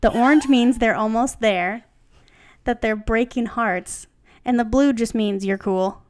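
A woman's voice: on the high side, a little slow, dry recording, studio quality, natural voice. Cartman, smug boy read by a woman. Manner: read aloud plainly from a fan story.

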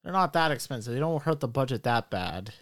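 A man's voice: mid-range voice, animated, brisk, a bit bright, no room sound, studio quality, lightly acted. A man voicing a flustered male production assistant who stammers and talks defensively.

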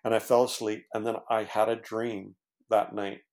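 A man's voice: lowish voice, flat delivery, moderate pace, darkish tone. A man, a former pastor, earnestly telling his own story as a podcast guest, with many fillers and restarts. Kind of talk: casual storytelling in conversation.

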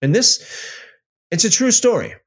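A man's voice: high voice, very animated, normal speed, husky. Man, livestream host, casual storytelling, frequent restarts, reads chat comments aloud. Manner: storytelling with many restarts and repeated words.

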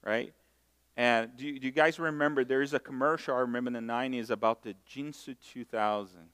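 A middle-aged man from Brazil, preaching a sermon and telling stories in a self-mocking, animated way. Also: mid-range voice, a little fast, clear, resonant tone. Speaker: pastor. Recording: long hall reverb.

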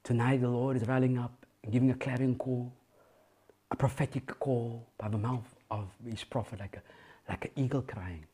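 A man preaching an impassioned sermon, often shouting, then dropping to a hushed intensity. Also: mid-range voice, fairly even intonation, normal speed, slightly rough.

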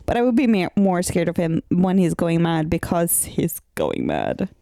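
A woman co-hosting a casual podcast, calmly talking through a comic's story. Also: lowish voice, moderate pace, gravelly, no echo, studio quality. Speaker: podcast co-host. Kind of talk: casual chat about a comic series.

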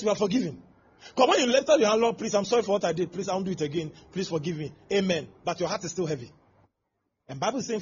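A man's voice: high voice, breathy edge. A male pastor preaching a sermon, acting out scenes with exclamations and laughter. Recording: dull lo-fi sound with faint background noise.

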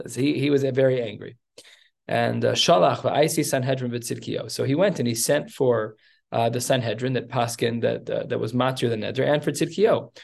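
Gravelly man teaching a study class. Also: mid-range voice. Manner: animated storytelling, quick asides. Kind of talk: text study lesson.

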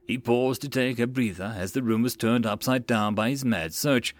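A man narrating a web-novel audiobook in an expressive reading voice. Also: medium pitch, moderate pace.

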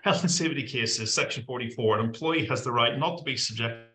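A man's voice: mid-range voice, fairly quick, bright, forceful tone, echoey room, low-quality recording. A man co-hosting a legal podcast, summarising case judgments with lots of fillers and the odd joke. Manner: reads case summaries with many fillers, jokey asides. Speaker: podcast co-host discussing employment law cases. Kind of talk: casual legal podcast discussion.

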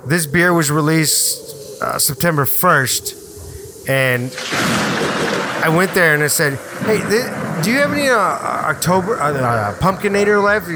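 Man, podcast host, higher voice, animated and profane, noisy recording. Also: a little slow. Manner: animated, swearing storyteller. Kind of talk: casual beer-review podcast chat. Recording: noisy room.

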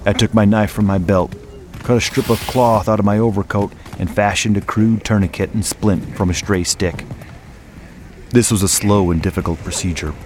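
Low-voiced male narrator for a dark horror tale, slow and grave, with a faint hiss of noise behind him. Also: steady tone. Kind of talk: scripted first-person horror narration.

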